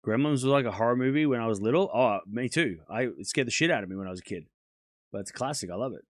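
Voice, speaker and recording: A man's voice: mid-range voice, animated, fast talker, no echo, clean studio sound. A man with a sore throat chatting casually to his live-stream audience while waiting out a rain delay. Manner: chatty, talks to chat, laughs often. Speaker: tennis watchalong streamer.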